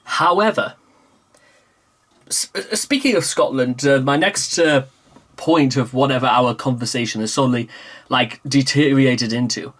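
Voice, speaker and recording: A man's voice: mid-range voice, moderate pace, fairly bright tone. A young man rambles casually through a vlog, full of fillers and restarts, recorded in a small room. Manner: meandering, full of fillers and self-corrections. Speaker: vlogger. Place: small room with a green screen.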